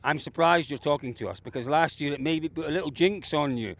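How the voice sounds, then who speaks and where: A man with a somewhat high, slightly bright, creaky voice roams a rain-soaked outdoor rally stage as host and interviewer. Speaking a little fast, he is cheerful, effusive, and fond of teasing the people he talks to.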